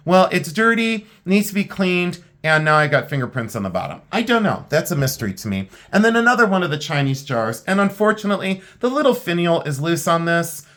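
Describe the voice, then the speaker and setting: A man's voice: fairly high pitch, fairly bright tone. A middle-aged man, worn out and tired, chatting candidly and rambling a little as he previews vintage jewelry for sale. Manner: candid, rambling, frank and plainspoken. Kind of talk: casual sale preview chat.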